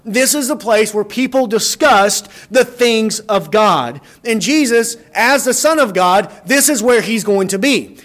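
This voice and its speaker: A man preaching a sermon in an earnest, explaining manner, often repeating words as he builds a point. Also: sits high.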